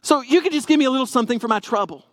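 A man's voice: very high voice, racing, fairly bright tone, no room sound, pitched above the performer's own voice. A man voicing a friendly but pushy male street vendor, eager at first and then insistent.

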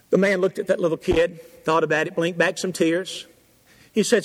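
A man preaching a sermon, telling a story in rhythmic, repeated phrases with dramatic pauses. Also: sits high, steady tone. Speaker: pastor. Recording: long hall reverb.

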